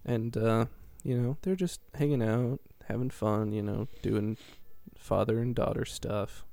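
A man's voice: lowish voice, measured pace, gravelly, warm tone, no room sound. A man co-hosting a podcast, rambling through a casual plot recap and chuckling as he goes. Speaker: podcast co-host recapping a game. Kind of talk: casual chat.

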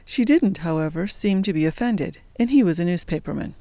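A woman narrating a short story in a measured, even reading voice. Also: lowish voice, no echo.

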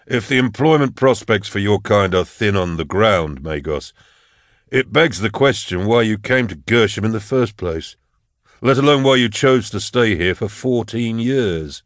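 A man's voice: fairly low pitch, lively intonation, unhurried, no room sound, studio quality. A man voicing a robust, blunt male magistrate enforcer in an audiobook, curt and interrogating. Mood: cold. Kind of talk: audiobook character voice.

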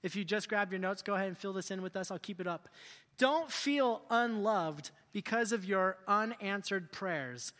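Bright-voiced youth pastor preaching. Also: male voice, sits high, moderate pace, in a large hall. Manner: animated, jokey, asks the crowd questions. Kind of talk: youth sermon.

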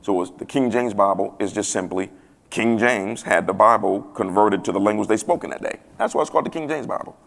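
A man preaching a sermon in a casual, playful way that swells to loud emphasis now and then. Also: lowish voice, fairly quick, creaky. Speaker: pastor.

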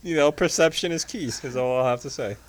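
A man's voice: fairly high pitch, brisk. A man co-hosting a podcast, teasing dryly and laughing often. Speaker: podcast co-host. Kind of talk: casual podcast banter.

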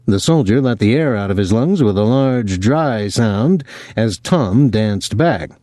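A man's voice: fairly low pitch, expressive, unhurried, dark tone, dry recording, clean studio sound. A man reading a novel aloud as an audiobook narrator, giving each character a voice.

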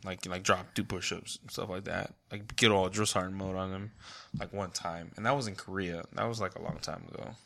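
A man in his thirties chatting casually with his younger brother, a relaxed storyteller who laughs through his anecdotes. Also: low voice, brisk, gravelly. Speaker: interview guest, older brother. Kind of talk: casual family conversation.

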